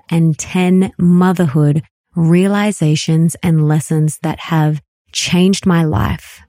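Warm, earnest woman podcaster in her thirties. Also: lowish voice, no echo, clean studio sound. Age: 30s. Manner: earnest, effusive and repetitive, slowing down for emphasis. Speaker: podcast host. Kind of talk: heartfelt solo podcast monologue.

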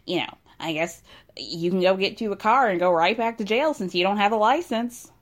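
A woman's voice: medium pitch, normal speed, close to an everyday voice. A woman voicing an older man who hedges and fumbles, full of hesitant fillers. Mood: hedging. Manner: hesitant, hedging.

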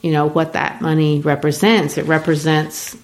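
A woman discussing a classic play in a relaxed lesson, explaining with thoughtful pauses and fillers. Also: deep voice. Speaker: literature teacher. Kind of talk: discussing and reading a play aloud.

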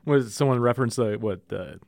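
A man's voice: mid-range voice, a little fast, vocal fry, a little mellow. A man co-hosting a podcast, laid-back and casual, reading out news items between banter. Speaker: podcast co-host. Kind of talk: casual chat.

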